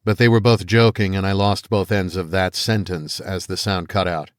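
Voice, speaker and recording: Deep-voiced man narrating an audiobook. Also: fairly even intonation, no room sound, clean studio sound. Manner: measured storytelling, voices quoted characters. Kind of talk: first-person audiobook narration.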